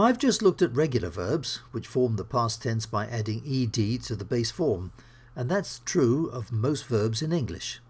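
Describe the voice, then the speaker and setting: A man teaching English grammar, explaining slowly and clearly with worked examples. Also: medium pitch. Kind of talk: grammar lesson.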